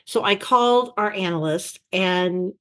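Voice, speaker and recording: A middle-aged woman and former chief of staff, telling lively anecdotes and acting out the people she quotes. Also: medium pitch, measured pace. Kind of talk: storytelling in an interview. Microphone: video call.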